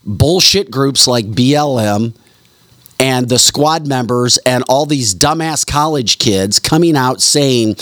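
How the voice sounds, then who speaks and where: A man's voice: medium pitch, takes it slowly, fairly bright tone, no room sound, studio quality. A man hosting a live political talk podcast, ranting bluntly and heatedly with frequent fillers. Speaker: podcast host.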